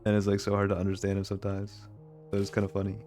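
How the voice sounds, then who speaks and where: A man's voice: lowish voice, monotone, racing, darkish tone. Chatty male game streamer. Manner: chatty, talks to chat, laughs often. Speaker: live streamer. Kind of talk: casual live-stream chat while building in a game. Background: faint background music.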